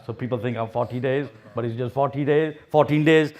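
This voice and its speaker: A man's voice: medium pitch, steady tone, fairly quick, hardly any pauses. A man preaching a sermon, telling a story with acted-out voices and urging his listeners. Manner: storytelling, acts out voices, exhorting. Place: mosque hall.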